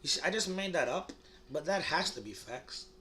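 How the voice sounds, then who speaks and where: A man's voice: on the high side, lively intonation, moderate pace, pushed and bright, a little hiss or hum. A young man from the United States delivering a rambling, crude comedic monologue, full of fillers and restarts. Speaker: comedy vlogger.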